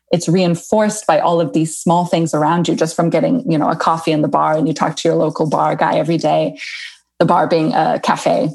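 Woman from the US, low voice, gravelly, husky, thoughtful casual chat. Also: a little mellow. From United States. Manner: reflective, thoughtful, many small restarts. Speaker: guest, expat writer and tour guide.

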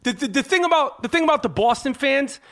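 A very high-pitched, expressive man talks fast in a fairly bright tone as he hosts a sports podcast and reads an ad. His style is brash, profane and rambling, and he keeps checking in with "okay?"

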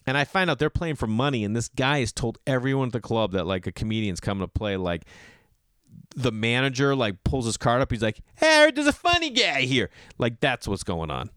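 A man's voice: mid-range voice, expressive, fairly quick, clear, resonant tone, dry recording, clean studio sound. A male comedian telling casual stories, acting out the people in them with raised, exasperated voices. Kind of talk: casual storytelling.

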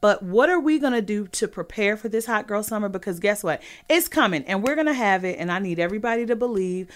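A young woman from California hosting a casual podcast chat, sassy and animated, laughing often and swinging between loud claims and low asides. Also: fast talker. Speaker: podcast host.

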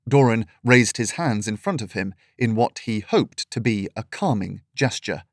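A man reading a fantasy story aloud in steady, measured scripted narration. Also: fairly low pitch, no room sound, studio quality.

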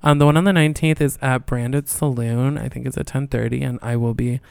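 A man's voice: medium pitch, fairly even intonation, fairly quick, creaky, clean tone, dry recording. A young man co-hosting a podcast, chatty, telling stories and laughing often. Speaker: podcast co-host. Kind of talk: casual chat.

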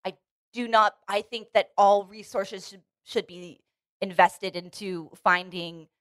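A woman's voice: medium pitch, fairly even intonation, slow pace, fairly bright tone, no echo. A woman co-hosting a casual podcast chat, earnest and opinionated, restarting her sentences often. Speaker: podcast co-host. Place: Los Angeles.

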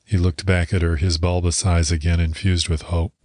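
A man narrates a short story in a calm, measured audiobook delivery. His voice sits very low. The recording is dry and close, with no room sound. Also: no echo.

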